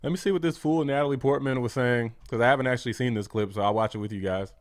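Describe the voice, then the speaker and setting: A man's voice: medium pitch, fast talker. Ranting male commentary host. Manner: ranting, mocking, blunt. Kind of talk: reaction commentary.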